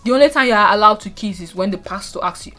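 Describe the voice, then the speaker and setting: A Nigerian woman vlogging casually, chatting to viewers with animated asides. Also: mid-range voice, fast, faint music behind. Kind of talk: casual talking-head vlog.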